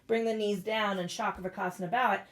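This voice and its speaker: A woman yoga instructor guiding a class out loud, casual and profane, breaking off into blunt joking rants. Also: medium pitch, fairly even intonation, fast talker. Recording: echoey room.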